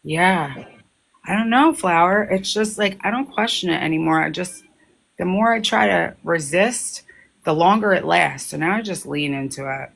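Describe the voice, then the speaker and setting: A woman's voice: fairly low pitch, lively intonation, moderate pace, vocal fry, fairly bright tone. A woman host in casual spiritual chat, talkative and giggling often.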